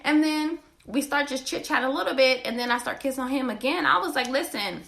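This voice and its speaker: A woman hosting a podcast and telling a personal story in a blunt, profane, animated way. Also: high-pitched, fast, gravelly. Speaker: podcast host. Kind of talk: candid storytelling monologue.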